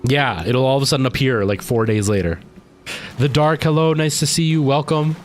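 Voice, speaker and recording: A man's voice: medium pitch, fairly quick, slight background noise. A man, streaming a game live, chatting casually and rambling to his viewers, sounding tired. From Canada. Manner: rambling, chatty, talking to chat while playing. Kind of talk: casual gaming stream chat.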